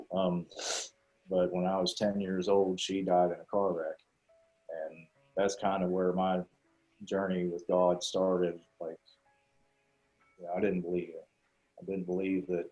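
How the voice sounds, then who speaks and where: A man from Maryland, a grieving father, speaking haltingly with many repeated words. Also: low voice, darkish tone. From Maryland, USA. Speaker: guest, bereaved father. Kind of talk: personal storytelling. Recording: faint music behind.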